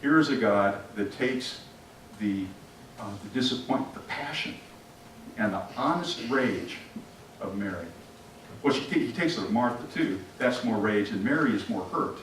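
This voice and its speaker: A pastor with a lowish voice and moderate pace gives an animated sermon in a church sanctuary, questioning the congregation and acting out scenes. The distant mic captures an echoey room along with a little hiss or hum.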